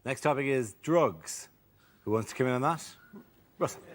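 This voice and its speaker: A man hosting a panel show, announcing topics in a brisk, matter-of-fact way. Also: medium pitch, a little hiss or hum.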